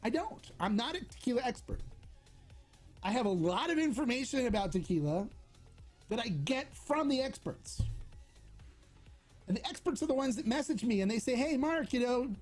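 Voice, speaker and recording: A man's voice: very high-pitched, lively intonation, moderate pace, long pauses, faint music behind. A middle-aged man hosting a casual livestream Q&A, talking in a chatty, rambling way with many restarts. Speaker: host of a tequila channel.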